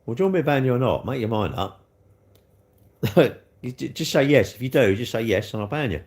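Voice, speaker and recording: A man chatting casually with viewers on a livestream, bantering as he reads comments, his throat a little hoarse. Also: mid-range voice, lively intonation, a little fast, darkish tone. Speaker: livestream host.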